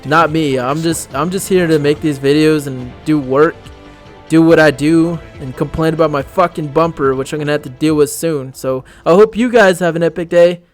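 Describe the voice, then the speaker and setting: A young man talks over his gameplay in a loose, rambling way. He is blunt and swears freely, and his voice sits a little on the high side. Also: normal speed, faint music behind. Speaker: gameplay commentator. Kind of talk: casual gameplay commentary.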